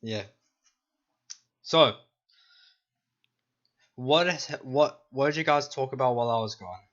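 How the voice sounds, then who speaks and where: Bright-voiced young game master on a call. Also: male voice, medium pitch, muffled recording. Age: young adult. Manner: loose, rambling and quick to laugh. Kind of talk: casual online tabletop game session. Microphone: online voice call.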